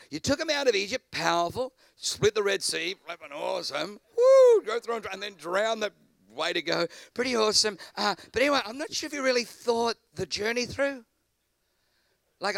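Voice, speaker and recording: A man delivering a sermon with a high-pitched, gravelly voice. He moves between shouted, fervent peaks and quiet, conversational asides, often acting out the people in his stories. The sound is dry and close, with no room echo. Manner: dramatic, swings from shouting to low asides, acts out characters. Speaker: preacher.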